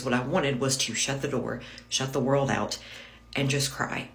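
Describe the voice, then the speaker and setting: A woman's voice: very deep voice, normal speed, a bit bright. A middle-aged woman telling a personal story in a candid, emotional monologue, with restarts and some swearing. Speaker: content creator telling her own story.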